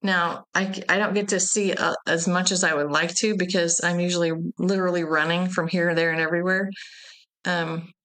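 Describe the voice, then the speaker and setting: Guest, woman, event director; lower voice, loose storytelling with laughs. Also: flat delivery, fairly quick, fairly bright tone. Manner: rambling, laughs while telling stories. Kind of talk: casual interview chat.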